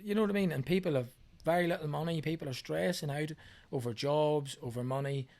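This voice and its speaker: A man's voice: fairly high pitch, a little fast, a little mellow. A man, a runner and podcast guest, talking earnestly and motivationally in casual chat, with some swearing.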